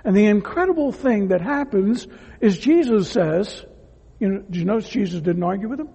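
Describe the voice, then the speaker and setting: A man preaching a sermon as a pastor, earnest and emphatic, at times dropping to a hush. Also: sits high, lively intonation, normal speed, creaky, slightly rough, big-room sound. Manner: earnest, emphatic preaching that drops to hushed tones.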